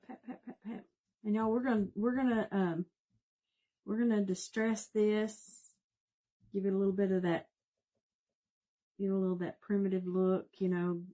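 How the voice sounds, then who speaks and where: A woman with a Southern accent runs a relaxed live craft demo from her home craft room, chatting folksily and saying hello to viewers by name as she works. She speaks in a mellow, mid-range voice.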